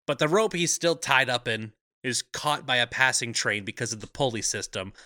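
A man's voice: medium pitch, lively intonation, normal speed, pushed and bright, no echo, clean studio sound. A man co-hosting a podcast, casually recapping a movie plot and laughing often. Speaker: podcast co-host.

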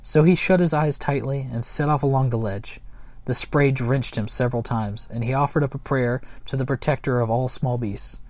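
A man reading a children's book aloud in a gentle, unhurried way, with small slips and chuckles. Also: mid-range voice. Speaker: storyteller.

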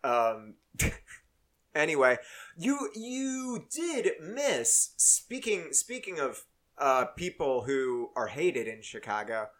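A man's voice: on the high side, sing-song, slow pace, a bit bright. A man co-hosting a casual sports podcast, rambling and joking as he talks. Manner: rambling, joking, self-interrupting. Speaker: podcast co-host. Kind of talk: casual chat.

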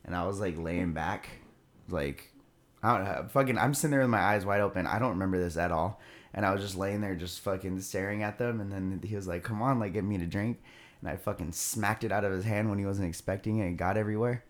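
A man's voice: low-pitched, fast. A young man casually telling a rowdy party story, loose and profane, laughing as he goes.

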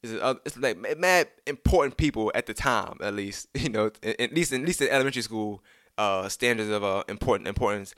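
A man's voice: on the low side, brisk, fairly bright tone, no echo, studio quality. A young man casually telling a story from his childhood, rambling with many restarts and asides, and acting out the lines he quotes.

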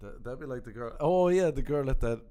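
A man, a writer guesting on a podcast, telling stories in casual chat. He laughs often between lines, and his pitch sits in the middle for a man. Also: lively intonation, brisk, dark tone. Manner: laughs often, tells anecdotes.

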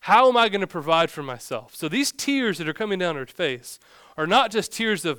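A young man preaches a relaxed, humorous sermon, his voice smooth and resonant and a little high. The sound is dry and close, with no room echo around it. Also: moderate pace. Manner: casual, joking preaching with vivid storytelling. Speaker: pastor.

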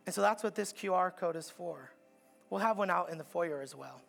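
A pastor preaching a sermon in a church, with an earnest, repetitive cadence that builds to emphatic peaks. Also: male voice, high voice, fairly quick, creaky, a bit bright, soft background music. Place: church auditorium.

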